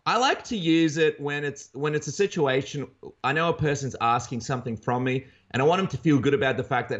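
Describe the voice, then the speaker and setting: An Australian man co-hosting a podcast in casual chat, telling stories in an animated way with many restarts. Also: medium pitch. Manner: rapid, animated storytelling with frequent restarts. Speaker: podcast co-host. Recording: dull lo-fi sound.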